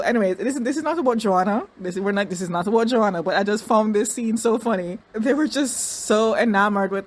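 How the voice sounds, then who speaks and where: A woman casually reviewing a reality dating show, chatty and animated, restarting sentences and doing mocking impressions. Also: on the high side, fast talker, few pauses. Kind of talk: casual recap commentary.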